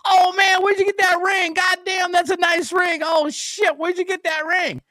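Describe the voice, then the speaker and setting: A shouting, gushing street hustler, pitched far above a man's normal register, pours out flattery in a bursting, sing-song delivery. The sound is close and dry. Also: normal speed, no echo. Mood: amazed.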